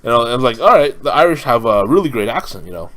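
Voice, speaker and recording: Young man from California, mid-pitched, casual game commentator who rambles with fillers. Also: sing-song, fast talker, fairly bright tone, a little hiss or hum, poor audio. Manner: rambling, full of fillers and restarts. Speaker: gaming commentator. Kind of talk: casual let's-play commentary.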